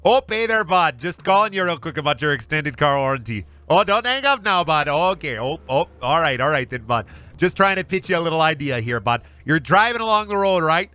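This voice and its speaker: A man's voice: on the high side, very animated, a little fast, bright, forceful tone, smooth. A man doing a chipper Minnesotan telemarketer. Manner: relentlessly pleasant, ends lines with "bud".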